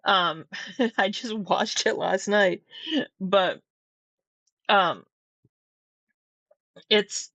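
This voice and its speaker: Very slow and pausing often, her medium-pitched voice comes across bright and forceful. This woman, a commentary vlogger from Southwest Missouri with a Midwestern American accent, rambles casually through reaction commentary with restarts and swearing from her desk at home. Close camera mic, no room sound.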